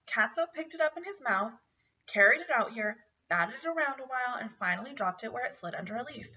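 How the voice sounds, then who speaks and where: A bold little boy mouse in a storybook, impatient and indignant, talking business in a raised, bright voice, as a woman reads him out. The sound is dull and a little distant, with a husky edge. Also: fairly high pitch, animated, a little fast, heavily acted. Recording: dull, distant home recording.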